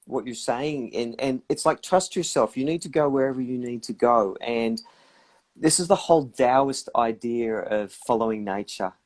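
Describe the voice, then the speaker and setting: A man's voice: mid-range voice, moderate pace. A man giving reflective advice in a casual live chat, often acting out inner voices. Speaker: guest practitioner.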